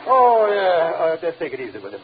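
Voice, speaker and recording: An actor playing a scheming, smooth-talking middle-aged con man in a 1940s radio sitcom, fumbling his words with hesitant uhs. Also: fairly high pitch, very animated, brisk, some chatter behind. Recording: tinny old radio broadcast with audience laughter and hiss.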